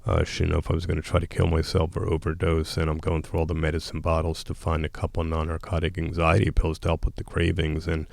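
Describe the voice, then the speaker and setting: A man's voice: extremely low pitch, monotone, quick pace, vocal fry, few pauses, no room sound. A man telling a raw personal story as a podcast guest, bluntly and emotionally, often restarting his sentences. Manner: blunt, emotional, with frequent restarts and quoted dialogue. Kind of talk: candid storytelling in a podcast interview.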